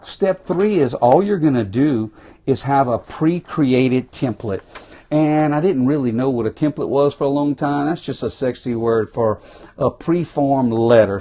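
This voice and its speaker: A Cajun man from South Louisiana with a mellow, warm tone and a middle pitch. He gives a folksy, exuberant motivational talk, speaking straight to his viewers. He streams from his phone in a small room. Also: dull audio.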